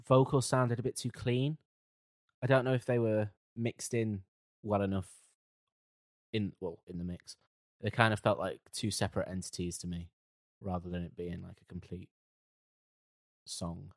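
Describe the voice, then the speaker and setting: Low-voiced male co-host, mumbling softly, dry close sound. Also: fairly even intonation, moderate pace, dry recording. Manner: hesitant, trailing off, mumbling softly. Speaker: podcast co-host reviewing music. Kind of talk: casual chat.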